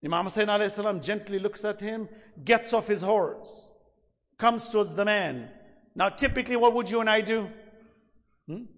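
A man giving a sermon, impassioned, swinging between loud emphasis and soft asides. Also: high voice, normal speed. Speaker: preacher. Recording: long hall reverb.

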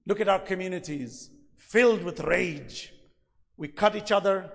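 A man giving a sermon, impassioned, swinging between loud emphasis and soft asides. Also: high-pitched, unhurried, creaky. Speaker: preacher. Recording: long hall reverb.

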